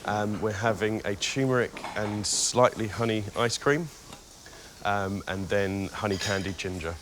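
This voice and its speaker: A man's voice: on the low side, a little slow, noisy background. A man competing in a cooking contest, earnest and a little hesitant as he explains his dish. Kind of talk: TV interview.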